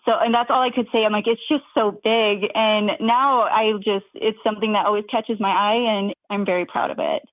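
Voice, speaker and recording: A woman's voice: medium pitch, steady tone, brisk, hardly any pauses, no room sound. A woman in her thirties, an author guest, chatting in a bubbly, chatty way. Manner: bubbly, chatty, laughs often. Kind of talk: casual interview chat. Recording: tinny phone line.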